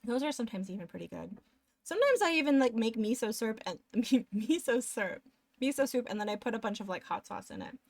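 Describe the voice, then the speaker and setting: A woman's voice: a little high, sing-song, fast talker, darkish tone, dry recording. A young woman streamer chatting casually with viewers in a rambling way, eating between sentences, close to a desk microphone. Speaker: live streamer.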